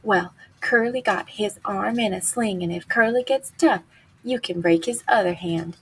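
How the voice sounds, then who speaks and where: A woman's voice: mid-range voice, normal speed, a little hiss or hum, lightly acted, poor audio. A woman reading aloud as a lonely young ranch wife who speaks in a coaxing, chatty way.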